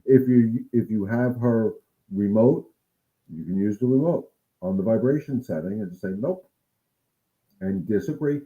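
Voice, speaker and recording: A man's voice: on the low side, moderate pace, phone-quality sound. A man who trains dogs, talking casually to his viewers in a livestream Q&A, earnest and coaching. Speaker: dog trainer answering viewer questions.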